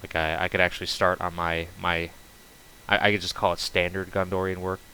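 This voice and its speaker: A man's voice: deep voice, level tone, fairly quick, sharp tone, slight background noise, low-quality recording. A man casually chatting while streaming a game, rambling loosely with many fillers and restarts. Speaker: streamer building on a game server.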